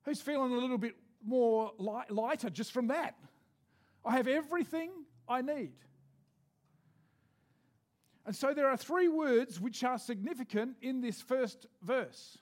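A man preaching a sermon as pastor, leading the congregation in responses and reading scripture slowly. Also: very high voice.

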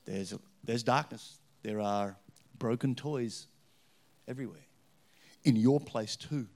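A middle-aged man with an Australian accent preaching a story-filled sermon, swinging between loud punches and hushed asides. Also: mid-range voice, slow pace, gravelly. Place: church with live band. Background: faint music from a band.

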